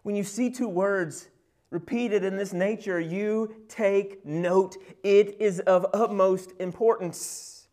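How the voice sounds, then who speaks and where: A male pastor delivers a sermon with wide swings in volume, building to loud, emphatic peaks and then dropping to hushed, almost whispered stretches. He retells scripture scenes in a conversational way, with casual asides woven into the preaching. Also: high voice, steady tone, slow pace.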